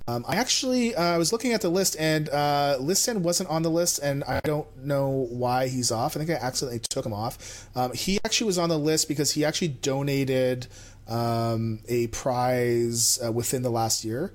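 A man's voice: mid-range voice, moderate pace. A man hosting a podcast, talking in a loose, casual way. He rambles and often pokes fun at himself. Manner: rambling and self-deprecating. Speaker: podcast host. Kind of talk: casual chat.

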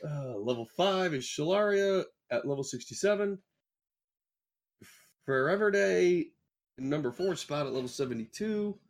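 A man's voice: on the high side, animated, unhurried. Wry man guest in a casual chat.

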